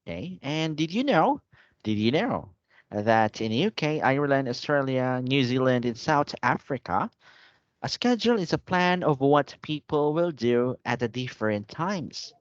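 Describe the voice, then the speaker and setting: A male English teacher with a patient, repetitive way of explaining, his voice close and dry with no room around it. He speaks at a middle pitch and keeps checking that his student follows. The sound is dull and lo-fi, like audio from an online call. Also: sing-song, measured pace, no room sound. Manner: patient, repeats and checks with "okay?".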